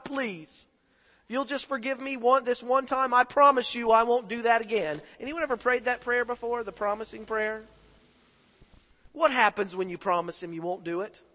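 A man preaching a sermon, moving between hushed prayer and impassioned, rising appeals to the congregation. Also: extremely high pitch. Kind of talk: sermon with altar-call prayer.

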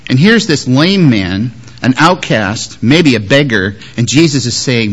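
A man preaching a sermon as a pastor, moving between strong emphasis and quiet, softly spoken quotes. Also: mid-range voice, measured pace, husky. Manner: lively, shifts between loud emphasis and soft quoted words.

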